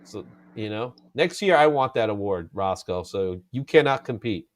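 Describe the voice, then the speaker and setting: Animated man hosting a comic chat. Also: on the low side, no echo, studio quality. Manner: animated, laughs often, drawn-out exclamations. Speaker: comic book show host. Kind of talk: casual chat.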